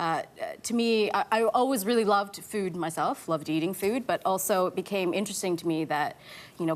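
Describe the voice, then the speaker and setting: Appearing as a talk show guest, a thirtysomething actress speaks in a deep voice, casual and candid, quick to laugh and doing impressions of people in her stories. A slight hiss or hum sits under the audio.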